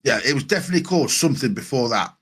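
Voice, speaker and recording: A man's voice: medium pitch, lively intonation, rapid-fire, fairly bright tone, slightly rough. A man in casual chat, swearing freely and acting out quotes from films he loves. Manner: swears freely, acts out film quotes and laughs. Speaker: podcast panelist.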